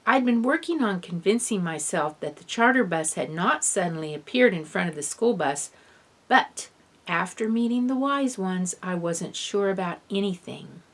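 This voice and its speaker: A woman reading a first-person children's novel aloud in an expressive storybook narration. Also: fairly low pitch, moderate pace. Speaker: audiobook reader.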